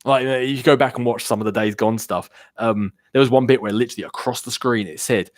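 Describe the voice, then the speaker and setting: A man's voice: medium pitch, fairly even intonation, brisk, no echo, clean studio sound. A young man chatting casually on a gaming live stream, rambling loosely and answering viewer questions from chat. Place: home room. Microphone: worn-out desk microphone.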